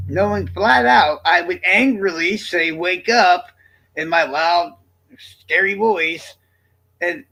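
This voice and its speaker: A man's voice: high voice, bright, forceful tone, low-quality recording. A man streaming live, chatting casually to viewers in a blunt, exasperated, profane way.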